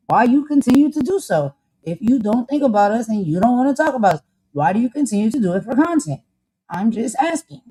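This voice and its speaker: A woman host from Camden, New Jersey, chats casually with a New Jersey accent, her talk blunt, sassy and full of slang. Her voice is fairly high and mellow, though the audio quality is poor.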